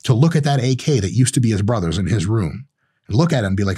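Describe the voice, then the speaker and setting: Casting: husky-voiced male host, animated, swearing casual monologue. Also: quick pace. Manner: animated, swearing, swinging pitch on quoted reactions.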